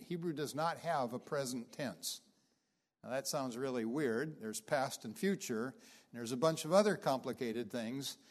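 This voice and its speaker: Man giving a Bible lecture. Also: medium pitch. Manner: unhurried, many fillers, reads scripture aloud with emphasis. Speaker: Bible teacher.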